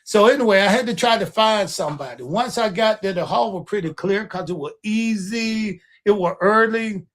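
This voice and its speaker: Older guy, kinda high voice, podcast host telling a story, acts out the quotes, cusses a lot. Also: normal speed, hardly any pauses. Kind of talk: casual storytelling chat.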